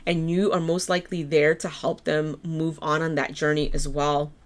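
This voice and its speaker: Low-voiced, slightly hoarse tarot reader woman. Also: flat delivery, normal speed. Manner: gentle and encouraging. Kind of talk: tarot reading.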